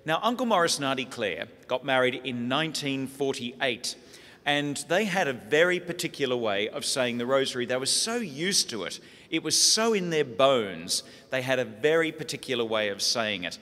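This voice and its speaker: An Australian priest telling funny family stories in a lively sermon talk. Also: male voice, medium pitch, moderate pace. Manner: lively comic storytelling. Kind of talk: humorous sermon storytelling. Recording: echoey hall.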